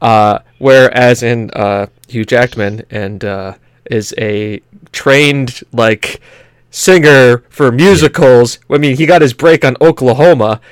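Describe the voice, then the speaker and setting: A man's voice: mid-range voice, takes it slowly, clean tone, no echo. A man co-hosting a gaming podcast in casual chat, rambling and laughing as he talks. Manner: rambling, laughing, puts on silly accents. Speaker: podcast co-host.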